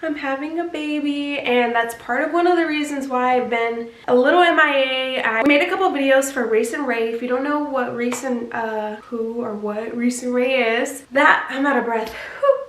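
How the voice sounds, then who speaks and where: A woman with a fairly high voice chats to her viewers in a bubbly, gushing way, easily getting emotional as she talks. The sound has a roomy echo around it. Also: fairly bright tone. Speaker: vlogger. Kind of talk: casual chat to camera.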